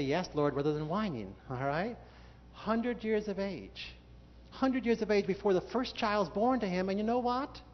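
Older male preacher in a reverberant hall. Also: sits high. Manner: animated, acts out dialogues with God. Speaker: guest preacher. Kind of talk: sermon. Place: church hall. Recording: dull lo-fi sound with long hall reverb.

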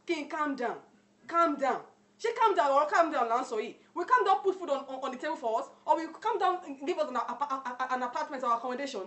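Actress as a high-voiced, rapid Nigerian immigrant wife, emotional, Nigerian accent, church film drama. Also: female voice, expressive, a bit bright. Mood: pleading angry. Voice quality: emotional, mixes in Yoruba phrases. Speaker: Nigerian wife stranded in America.

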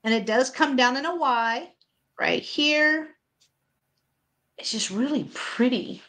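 A woman's voice: sits high, takes it slowly, a bit bright. A woman hosting a live online sale, chatting casually and counting down bids in an upbeat way. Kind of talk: live selling chat.

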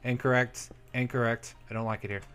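A young man in casual gameplay commentary, chatty and upbeat as he talks viewers through his build. His voice sits at an ordinary middle pitch. Soft background music plays faintly under him. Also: level tone, fairly quick, clear, resonant tone. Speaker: Minecraft let's play host.

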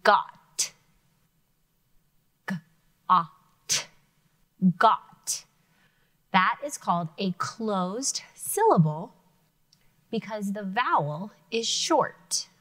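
Slow, lively-voiced woman teaching children. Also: medium pitch. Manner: slow, clear, encouraging teaching voice. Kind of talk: televised classroom lesson for children.

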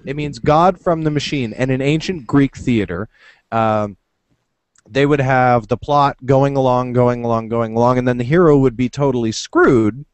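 A man hosting a casual podcast over a video call, excitable and swearing freely, now and then slipping into quick impressions. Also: medium pitch, smooth, no room sound. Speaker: podcast host. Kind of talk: casual chat. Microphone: computer over a video call.

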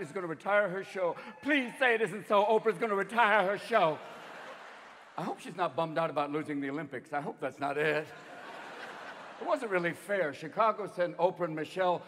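A man in his fifties doing stand-up comedy, rapid and profane, jumping between voices. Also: high voice, a bit bright, big-room sound. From United States. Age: 50s. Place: large theater stage. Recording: live theater show with crowd noise.

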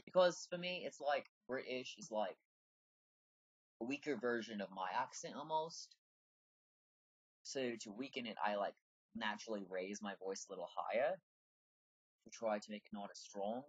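A man with a deep voice giving casual, rambling commentary while playing a video game and chatting to the characters. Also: normal speed, long pauses, breathy edge, no room sound, dull audio.

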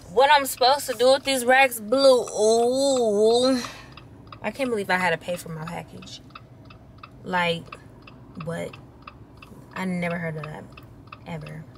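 A woman's voice: lowish voice, noisy background. A young woman in her twenties from the Midwest, venting and swearing in a casual vlog to her phone camera. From Wisconsin. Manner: venting, exasperated, swears freely. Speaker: vlogger.

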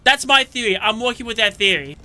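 A man giving gameplay commentary, excitable and shouting jokes at the enemies. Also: extremely high pitch, brisk. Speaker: let's play gamer. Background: game music.

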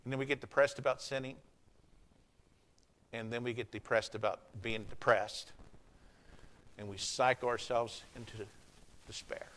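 A man preaching a sermon in a church service, folksy and conversational, swinging from hushed lines to loud ones. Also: mid-range voice, steady tone, measured pace, long pauses, rough recording. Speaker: pastor.

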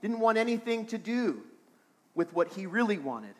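A man's voice: high-pitched, sing-song, moderate pace, darkish tone. A man preaching a sermon as pastor of a small church, earnest and repeating phrases for emphasis.

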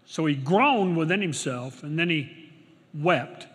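An older man delivers a sermon from a church pulpit. His voice is bright and sits somewhat high for a man, rising to loud declarations and then dropping to near-murmured asides. Long reverb from the hall trails after each phrase. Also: expressive, a little slow, slightly rough. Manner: preaching with big swings from shouts to hushed murmurs. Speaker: pastor. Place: church sanctuary.

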